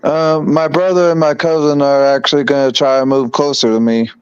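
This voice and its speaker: A man's voice: a little high, steady tone, brisk, clean tone, no echo, dull audio. A man in a casual chat, hesitant, searching for words with many fillers.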